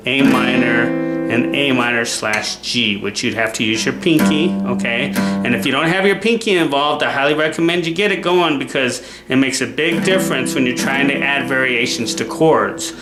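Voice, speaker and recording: Man teaching guitar, checking in with "okay?". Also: medium pitch. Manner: relaxed, repeats "okay?" to check in. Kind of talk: casual instructional talk. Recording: roomy sound with loud guitar playing. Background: guitar playing.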